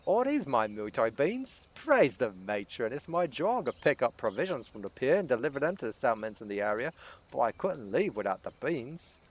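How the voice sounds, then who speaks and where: A man's voice: medium pitch, very animated, moderate pace. A man reading aloud the lines of a male cart driver in a video game, in an earnest way. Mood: relieved.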